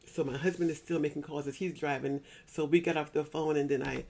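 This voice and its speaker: Gravelly middle-aged woman telling her story. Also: low-pitched, fairly even intonation, brisk, darkish tone. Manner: earnest and repetitive, often circling back to restate a point; spiritual, church-going tone. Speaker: speaker sharing a personal grief story. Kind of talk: heartfelt personal testimony.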